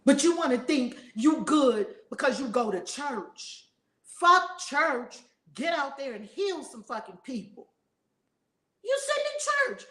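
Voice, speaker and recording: A woman with a high voice preaches a spiritual lesson, blunt and emphatic, hammering her points home by repeating them. She swears freely and drives each line hard. The room around her rings with a roomy echo. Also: expressive, measured pace, fairly bright tone. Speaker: spiritual teacher and reverend. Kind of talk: fiery preaching-style teaching.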